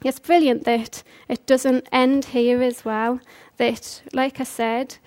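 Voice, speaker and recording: A woman's voice: high-pitched, little pitch movement, slow, a little mellow. A woman preaching a conversational sermon, earnest and full of rhetorical questions.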